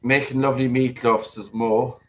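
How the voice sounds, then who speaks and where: A man's voice: medium pitch, level tone, normal speed, slight background noise. A man hosting a casual live-stream chat, chatting and reading out viewer comments.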